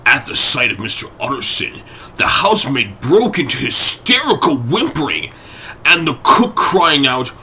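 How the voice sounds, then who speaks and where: A man narrating an audiobook in a dramatic, expressive reading. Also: medium pitch, moderate pace, husky, rough recording.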